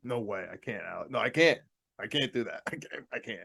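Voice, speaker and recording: Animated exasperated young man. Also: mid-range voice, fairly quick, vocal fry, slightly rough. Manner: exasperated, animated storytelling with laughs. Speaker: podcast co-host. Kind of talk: casual sports chat.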